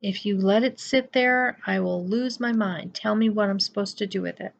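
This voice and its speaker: Gravelly-voiced woman lecturing. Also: medium pitch, moderate pace, lo-fi sound. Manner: chatty, emphatic, playful asides. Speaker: college writing instructor. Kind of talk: recorded lecture.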